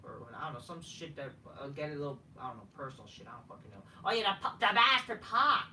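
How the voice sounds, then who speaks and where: A man's voice: on the high side, sing-song, fast, bright, forceful tone, distant mic, a little hiss or hum, poor audio. A man reviewing a wrestling show in a casual solo rant, profane, dismissive and sarcastic.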